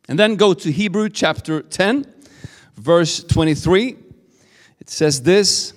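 A man's voice: fairly high pitch, expressive, unhurried. A man with a Swedish accent preaching a live sermon as a guest preacher in a church, talking informally with lots of fillers and restarts. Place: church service. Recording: preaching in a reverberant hall.

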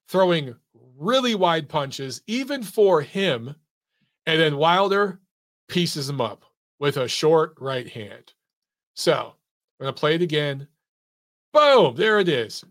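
A man with a slightly higher voice hosts his own boxing analysis show. He talks emphatically, firing off rhetorical questions and pointing out details as he goes, in a casual, conversational delivery. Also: expressive, unhurried, fairly bright tone. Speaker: boxing commentator and show host.

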